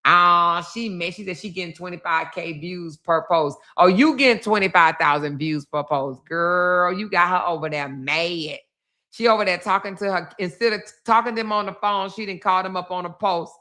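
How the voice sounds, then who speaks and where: A woman's voice: lowish voice, moderate pace, bright, forceful tone. A woman hosting a live stream with casual, sassy commentary, teasing and laughing as she reacts.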